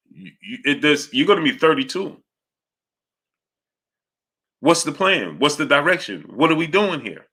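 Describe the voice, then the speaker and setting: Bright-voiced man hosting a live boxing stream. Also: medium pitch. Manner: rapid shout-outs to chat viewers, repeats "you understand what I'm saying". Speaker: boxing talk show host. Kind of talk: live-stream commentary reading super chats.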